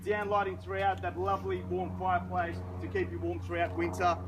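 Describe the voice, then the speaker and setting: High-voiced Australian auctioneer working a crowd. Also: male voice, flat delivery, brisk, noisy background. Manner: showy, salesman-like, addresses the crowd. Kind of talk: outdoor auction patter. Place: outdoors at a house auction.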